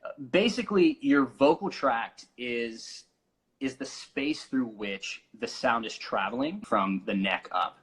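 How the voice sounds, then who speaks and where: A young man coaching singing, explaining voice terms casually with many fillers and quick sung demonstrations. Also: medium pitch, expressive, a bit bright, breathy edge, low-quality recording. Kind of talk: casual vocal instruction.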